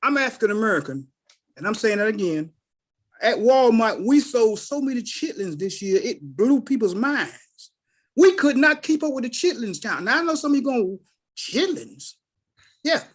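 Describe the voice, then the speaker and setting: A very high male voice at a moderate pace belongs to a middle-aged call participant. On a group call, he gives casual spoken testimony through personal stories, animatedly performing the voices of the people in them.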